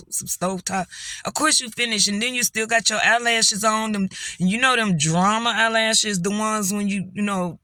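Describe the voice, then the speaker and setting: A woman's voice: medium pitch, pushed and bright, no room sound. A middle-aged woman telling a rambling story to her viewers, laughing often and encouraging them. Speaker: vlogger. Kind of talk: casual storytelling monologue.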